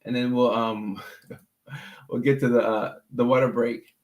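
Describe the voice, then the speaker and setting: An easygoing man talks casually on a livestream, reading and answering viewer comments. His voice sits at an ordinary middle pitch. He is chatty and often doubles back on a word as he works out what to say. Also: fairly even intonation, measured pace, reverberant. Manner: easygoing and talkative, repeats words while thinking. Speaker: mental health clinician hosting a livestream.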